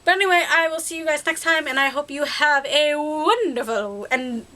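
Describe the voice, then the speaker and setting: A woman's voice: high voice, moderate pace, bright, forceful tone. A young woman vlogging to her viewers, chatty and rambling, laughing often. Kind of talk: casual talk to camera.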